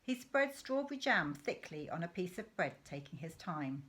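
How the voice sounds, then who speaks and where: Lively woman reading a storybook aloud. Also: on the low side, normal speed. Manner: expressive storytelling, voices each character. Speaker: audiobook reader. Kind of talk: reading a children's novel aloud.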